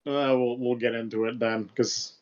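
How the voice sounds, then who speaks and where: Rambling, foul-mouthed young podcast co-host. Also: male voice, medium pitch, steady tone, normal speed. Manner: rambling, loose and profane, lots of fillers. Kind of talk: casual chat. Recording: dull lo-fi podcast mic.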